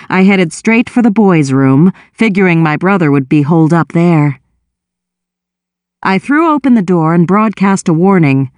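A woman reading a first-person novel aloud with wry, expressive storytelling. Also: lowish voice, no room sound. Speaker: audiobook narrator.

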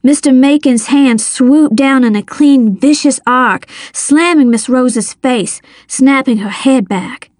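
A woman narrating a story in the first person, measured and dramatic. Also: high voice, a little mellow, no room sound, clean studio sound. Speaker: audiobook narrator.

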